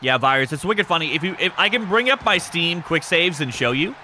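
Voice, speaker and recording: A man's voice: a little high, animated, brisk, sharp tone, slight background noise. A man hosting a live game stream, commentating matches and chatting with viewers in a loose, laughing, foul-mouthed way.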